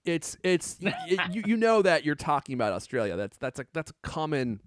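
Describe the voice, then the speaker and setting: A chatty man hosting a live tech stream, his slightly high voice leaping up and down as he laughs and reads out viewer comments. The sound is close and dry, with no room echo. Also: big pitch swings, fairly quick. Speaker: podcast co-host. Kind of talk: casual live-stream chat. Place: home studio on a live camera stream.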